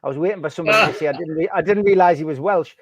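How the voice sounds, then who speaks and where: A man's voice: on the high side, rapid-fire, fairly bright tone, dry recording, lo-fi sound. A man hosting a fan podcast, chatty and cheeky as he reads out jokes. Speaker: podcast host. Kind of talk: casual chat reading out jokes.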